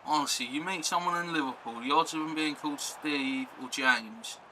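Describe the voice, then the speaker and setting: A man's voice: fairly high pitch, normal speed, sharp tone, a little hiss or hum, rough recording. A young man chatting casually on a live stream, rambling and reacting to chat and gameplay.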